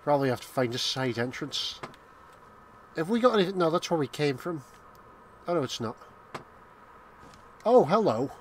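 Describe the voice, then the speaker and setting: A man's voice: a little high, sing-song, normal speed, long pauses, slight background noise. A man trading jokes and swearing freely while playing a co-op game on stream. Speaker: co-op gamer on stream. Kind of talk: casual gaming banter.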